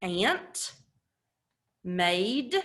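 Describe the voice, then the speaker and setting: A woman teacher leads a phonics lesson for young children at a very slow, patient pace. Her voice is bright and clear, and she draws out each sound with careful enunciation. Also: mid-range voice, big pitch swings, slight background noise. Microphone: camera.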